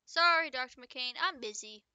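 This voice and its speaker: A curt, sarcastic male doctor brushing off a colleague, read by a woman in her own voice. The voice is bright and smooth, recorded close and dry, with barely any put-on character. It plays like a storybook reading rather than acting. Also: high voice, animated, moderate pace, no room sound, dull audio, heavily acted.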